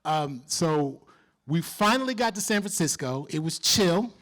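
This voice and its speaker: A man on a convention panel stage tells a story with lively energy. His voice sits a little high for a man and he jumps into other people's voices as he talks. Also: unhurried. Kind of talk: animated storytelling.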